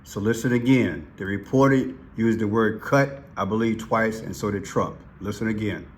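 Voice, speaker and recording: A man hosting commentary over played clips, talking slowly and deliberately and hammering single words by repeating them. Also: on the low side, slight background noise. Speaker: commentary channel host.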